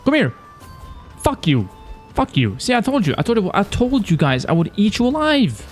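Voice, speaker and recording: A young man casually commentating his strategy game, animated and taunting, swearing as he plays. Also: high-pitched, normal speed, faint music behind. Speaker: gaming YouTuber.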